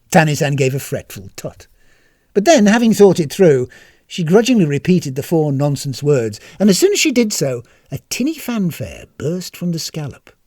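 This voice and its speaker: Brief: expressive storybook reader, very lively pitch, slightly husky, dry close sound. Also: normal speed, no room sound. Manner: wry, expressive. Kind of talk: scripted storybook narration.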